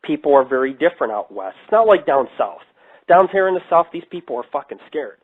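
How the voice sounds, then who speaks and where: A man's voice: on the high side, very animated, fairly quick. Brash profane man on a tinny line. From New York. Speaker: paranormal investigator and radio host. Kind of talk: profane casual monologue. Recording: tinny phone-like radio line.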